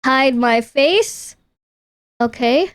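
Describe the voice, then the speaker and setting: A young woman with a high, light voice chats to her livestream viewers. She rambles playfully, cuts herself off mid-sentence and swears casually as she talks. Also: expressive, drawn-out words. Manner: chatty, self-interrupting, playful, swears casually. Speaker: VTuber streamer.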